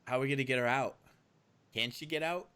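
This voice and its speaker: A man's voice: mid-range voice, fairly even intonation, fast, sharp tone, clean tone. A man playing a tabletop role-play game, talking in a casual, profane way. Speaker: player.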